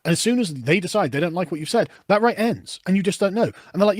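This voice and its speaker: A man commenting on news clips in a sarcastic, swearing, animated rant. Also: high voice, dry recording, studio quality. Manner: fast, animated, sarcastic, swears and laughs often. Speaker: political commentator.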